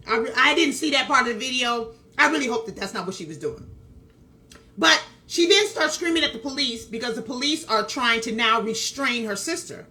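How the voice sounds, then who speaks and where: A woman's voice: high voice, expressive, moderate pace, bright, forceful tone. A woman vlogger telling a story in casual commentary, emphatic, repeating phrases and talking straight to her viewers. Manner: talks straight to viewers with asides.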